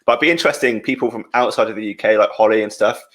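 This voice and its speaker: Low-voiced chatty British young man. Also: racing, a bit bright. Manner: chatty, fills with "like" and "um". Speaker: podcast co-host. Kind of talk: casual chat.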